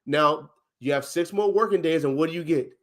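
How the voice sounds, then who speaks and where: A man with a somewhat high voice teaches on a casual livestream. He speaks with emphasis, stops to put questions to his listener, and counts days out loud on his fingers. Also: brisk.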